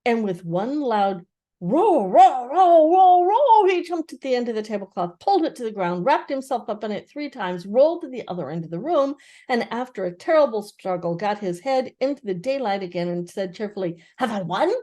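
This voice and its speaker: An older woman gently and expressively reading a children's book aloud. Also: mid-range voice, animated, fairly quick. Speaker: storyteller.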